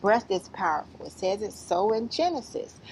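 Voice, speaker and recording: A woman's voice: medium pitch, normal speed, noisy background. A woman giving blunt, rambling spiritual advice in a casual vlog, outdoors among trees. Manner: rambling, blunt and profane, lively. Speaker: spiritual vlogger.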